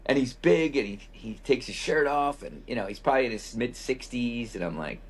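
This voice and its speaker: In a mid-range, husky voice with lively intonation and a slightly fast pace, a podcast host shares a loose, wry travel anecdote peppered with profanity and quoted asides. Slight background noise is present.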